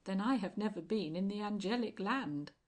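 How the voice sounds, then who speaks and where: A woman voicing an innocent, puzzled male angel in an audiobook, speaking gently and earnestly. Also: mid-range voice, animated, moderate pace, lightly acted. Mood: innocent wonder.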